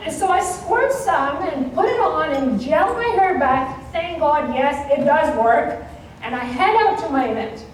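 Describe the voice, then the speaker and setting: A woman from Kenya tells a personal story on a conference stage, acting out the dialogue with lively energy. Her voice sits high, and it reaches the mic from a distance. A big echoey hall rings around every word. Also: a little slow, background noise. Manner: animated, acting out dialogue with laughs. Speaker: keynote speaker. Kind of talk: storytelling keynote talk.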